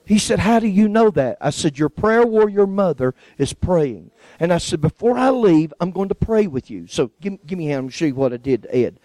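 Man, preacher, folksy storytelling, high voice, dry close sound. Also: expressive, brisk, few pauses, a little mellow, dry recording, rough recording. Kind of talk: sermon testimony storytelling.

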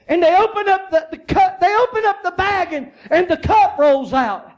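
A man preaching a sermon, moving between quiet, low storytelling and loud, high-pitched shouting, often repeating his phrases. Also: normal speed, hardly any pauses. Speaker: pastor.

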